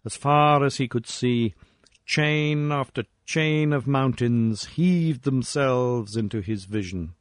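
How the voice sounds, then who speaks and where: A man reading a classic story aloud in a slow, measured voice. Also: mid-range voice, clear, resonant tone, no room sound, studio quality. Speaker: audiobook reader. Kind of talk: scripted narration of a classic story.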